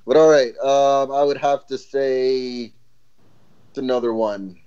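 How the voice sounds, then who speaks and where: A man appearing as a podcast guest, chatting casually and easygoing, thinking out loud. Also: medium pitch, fairly even intonation, slow pace, smooth, muffled recording. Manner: laid-back, laughing, thinks aloud. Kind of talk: casual chat.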